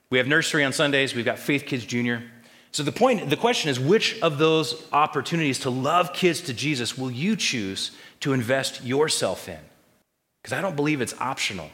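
Male pastor, mid-pitched and bright, preaching with call-and-response in a big echoing sanctuary. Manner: call-and-response questions to the congregation. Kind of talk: sermon. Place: church sanctuary.

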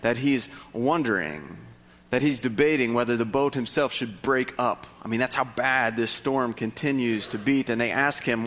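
Guy preaching a sermon, gets animated, lots of questions to the crowd, long echo tail. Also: normal speed. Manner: animated, rhetorical questions, rising pitch when stirred. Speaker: pastor.

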